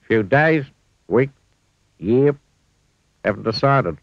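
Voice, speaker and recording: A man's voice: lively intonation, slow, gravelly, no room sound. A man voicing a clumsy, cheerful, untidy grown man in a storybook reading. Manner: high, bouncy and grinning. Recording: dull lo-fi dry recording.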